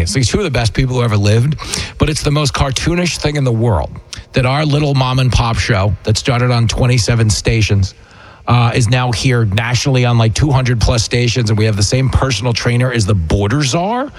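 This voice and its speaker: A male talk radio host in easy, casual chat, quick with a joke and quick to poke fun at himself. His voice sits at an ordinary middle pitch, and he rolls from one story into the next. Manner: quick, joking, self-mocking storyteller.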